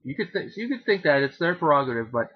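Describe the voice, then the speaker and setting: A man's voice: on the high side, very animated, fast, breathy edge, lo-fi sound. A man giving a casual, rambling film review, often correcting himself mid-sentence and joking.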